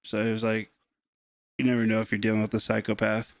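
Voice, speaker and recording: A young man breaking sports cards on a live stream, telling a story in a rambling, animated, casual way. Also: lowish voice, fast, no room sound.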